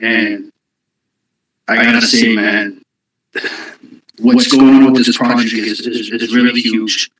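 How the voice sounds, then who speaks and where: A man speaks into his phone at a middle pitch, out of breath and halting, trailing off into ums and restarts. His voice sounds roomy, with a clear echo around it. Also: flat delivery, fairly bright tone. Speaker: community member on a live audio space. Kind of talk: casual call-in talk.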